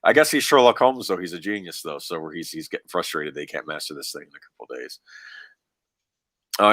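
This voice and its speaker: Low-voiced man chatting over a film. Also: lively intonation, brisk, sharp tone, no echo, studio quality. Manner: rambling, laughs often, many restarts. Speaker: podcast co-host. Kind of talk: casual film rewatch chat.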